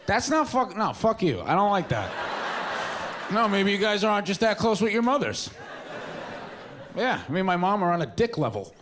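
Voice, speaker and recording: A man doing stand-up, rambling and self-deprecating, breaking into sudden shouts. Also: high voice, very animated, normal speed, pauses often, a crowd in the background. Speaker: stand-up comedian. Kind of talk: stand-up storytelling. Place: stage with a live audience. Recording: live stage recording with faint room noise.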